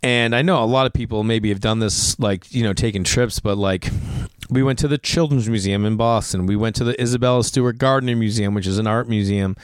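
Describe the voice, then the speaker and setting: A middle-aged man, a comedian hosting a podcast, chatting casually in a rambling, animated way with lots of restarts and asides. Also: lowish voice, a little fast, clean tone, no echo, clean studio sound.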